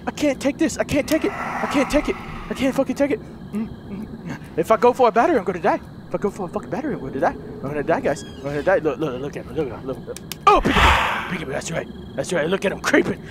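Young male gamer, high voice, lively and panicky, swears and repeats himself over noisy game audio. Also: fast talker, vocal fry. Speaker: gaming video host. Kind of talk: let's play commentary.

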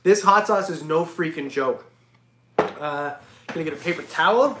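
A man hosting a casual reptile livestream, jokey and excitable, often breaking into laughs. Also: sits high, moderate pace, slight background noise. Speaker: reptile channel host. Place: home reptile room. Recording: echoey room.

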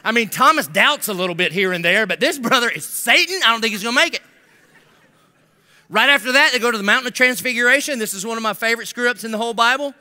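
A man's voice: very high voice, expressive, quick pace, pushed and bright. A middle-aged man preaching a sermon, telling stories animatedly and acting out the voices in them with slangy jokes. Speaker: pastor.

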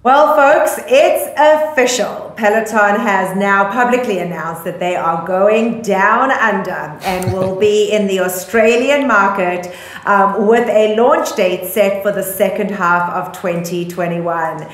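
A woman's voice: medium pitch, measured pace, roomy sound, slight background noise. A woman with a South African accent co-hosting a casual news podcast, chatty and full of ums, laughing easily. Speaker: podcast co-host.

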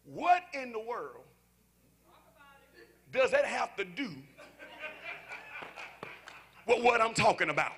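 High, gravelly man preaching with fire. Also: big pitch swings, slow pace, pauses often. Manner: impassioned preaching, often shouting; talks to congregation directly, conversational asides. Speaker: pastor. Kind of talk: sermon. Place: church service.

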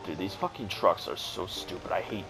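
A man's voice: sits low, moderate pace, noisy background. A young man commentating casually over gameplay, crude and joking, swearing a lot. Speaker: gamer. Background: game music.

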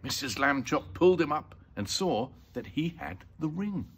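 A man's voice: on the high side, normal speed, vocal fry, husky. Older man reading a children's story. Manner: expressive, lilting reading. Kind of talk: reading a children's book aloud.

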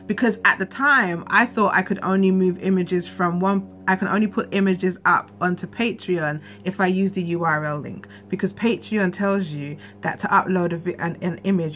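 A woman talks straight to camera in a candid, rambling vlog. Her pitch sits in the middle of the range. She sounds worn down and frustrated, often breaking off and restarting her sentences. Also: fairly bright tone, slight background noise. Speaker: vlogger.

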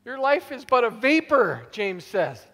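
High-voiced pastor preaching in a reverberant sanctuary. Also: male voice, unhurried. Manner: animated preaching, swinging from hushed to loud, playful asides. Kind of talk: sermon. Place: church sanctuary.

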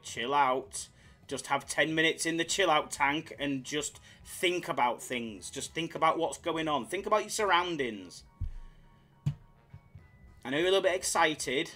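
A man with a bright, tense edge to a fairly high voice, chattering casually to a live chat. His banter is jokey and wound-up. Faint game music plays behind him. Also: normal speed. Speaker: live slots streamer.

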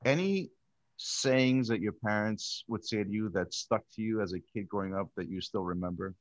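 A man's voice: fairly low pitch, normal speed, no room sound. A man co-hosting a podcast, asking friendly interview questions with many fillers. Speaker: podcast co-host.

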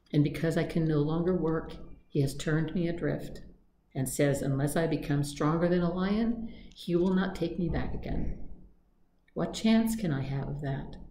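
Lady reading as a weary old horse, mournful, low mellow voice, storybook read, echoey room. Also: slight background noise, natural voice. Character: old, melancholy male horse. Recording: echoey room with faint ambience.

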